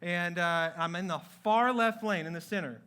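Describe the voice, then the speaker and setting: A man preaching a sermon in a church, telling a story in a lively way and acting out his own past words. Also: sits high, normal speed, smooth. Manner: animated storytelling with acted-out quotes. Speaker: pastor. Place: church sanctuary.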